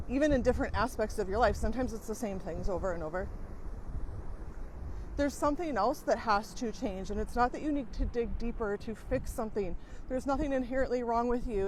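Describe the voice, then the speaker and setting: A woman's voice: a little high, darkish tone, a little hiss or hum. A woman coach talking frankly to her viewers, swearing casually and using many fillers. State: out of breath. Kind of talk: casual monologue to camera.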